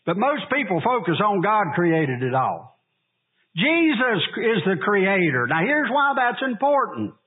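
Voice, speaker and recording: A man preaching a sermon, asking the congregation questions and pausing for answers. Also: high-pitched, very animated, slightly rough, phone-quality sound. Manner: preaching with call-and-response questions. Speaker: pastor.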